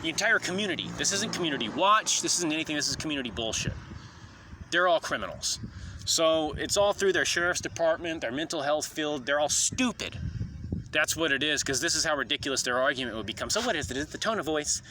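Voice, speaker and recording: Indignant man with a bright voice. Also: a little high, expressive, fast talker, a little hiss or hum. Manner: indignant, rambling, argumentative, frequent ums and uhs. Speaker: video commentator. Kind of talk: monologue to camera on constitutional law.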